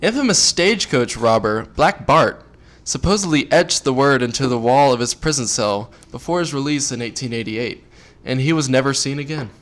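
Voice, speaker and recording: A man's voice: medium pitch, expressive, normal speed, fairly bright tone. A man co-hosts a casual podcast and reads from his notes in a joking, teasing way. He laughs easily and keeps the chat loose. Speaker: podcast co-host.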